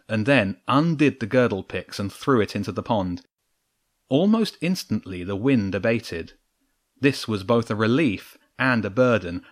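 A man with a fairly low voice narrating a storybook, steady and measured in his delivery. He reads scripted prose with even control through the action. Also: no room sound, studio quality.

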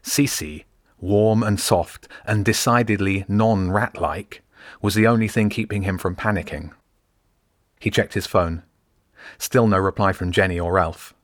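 A man narrating his own children's novel as an audiobook, in a measured, gentle storytelling manner. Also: sits low, no room sound, studio quality. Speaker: author and narrator.

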